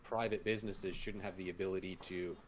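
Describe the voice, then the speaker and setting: Brief: man, lowish voice, casual stream co-host, rambling and restarting. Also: steady tone, brisk, a little hiss or hum.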